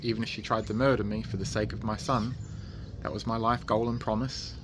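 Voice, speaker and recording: A man livestreaming a personal monologue outside his house, speaking slowly and deliberately and repeating himself. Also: fairly low pitch, level tone, noisy background. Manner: slow, deliberate and repetitive. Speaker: livestreaming vlogger. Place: outdoors at the front of his house.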